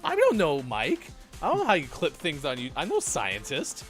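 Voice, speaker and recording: A man's voice: a little high, huge pitch swings, normal speed, fairly bright tone, faint music behind. A man hosting a live gaming morning show in loose, chatty talk, laughing often. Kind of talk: casual live-stream chat.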